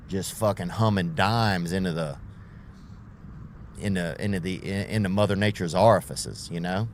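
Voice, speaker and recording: With a deep voice over a faint hiss or hum, this podcast host delivers a rambling, profanity-laden comedic monologue, sounding wound up as he riffs.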